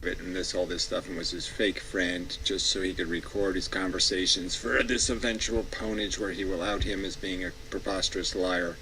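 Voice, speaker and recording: A man's voice: sits low, steady tone, normal speed, few pauses, sharp tone, a little hiss or hum, poor audio. A man co-hosting a video reaction chat, sarcastic, rambling and crude in his casual talk.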